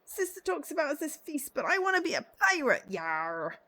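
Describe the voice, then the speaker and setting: A woman voicing a small boy playing pirate, shouting in a high voice with a cute put-on pirate accent in a narrative game. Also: big pitch swings, normal speed, exaggerated voice. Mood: playful.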